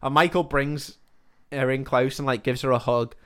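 A man casually retelling a film plot as a podcast host, animated, swearing freely and acting out the characters' lines. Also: medium pitch, moderate pace, clear, resonant tone.

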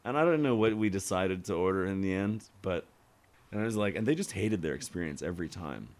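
A man's voice: sits low, a little fast. A man on a casual beer podcast, telling restaurant stories and acting out customers. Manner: animated storyteller, acts out customers. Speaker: podcast guest. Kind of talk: casual chat over beers.

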